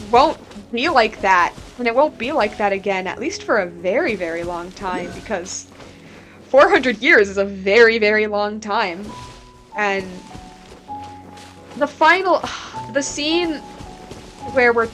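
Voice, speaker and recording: A woman's voice: on the high side, expressive, slow, pauses often, fairly bright tone, soft background music. Rambling, candid woman game streamer. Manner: rambling and candid, heavy with "like" fillers. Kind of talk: casual game stream commentary.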